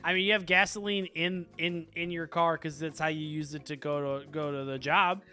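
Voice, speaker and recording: A man's voice: a little high, steady tone, bright, forceful tone, faint music behind. A man hosting and narrating an improvised comic tabletop game as game master, joking and restarting his sentences. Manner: joking, halting, many restarts.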